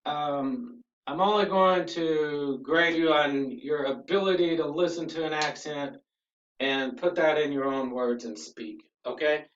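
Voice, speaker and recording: A man's voice: a little high, unhurried, a bit bright. A man teaching a class, explaining things patiently and often checking in with "okay?". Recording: echoey room from a distance, dull sound.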